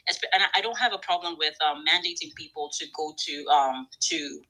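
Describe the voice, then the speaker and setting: A woman's voice: low voice, fairly quick, sharp tone, poor audio. A woman speaking in a discussion, careful and hesitant with many fillers. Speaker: caller. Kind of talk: casual discussion.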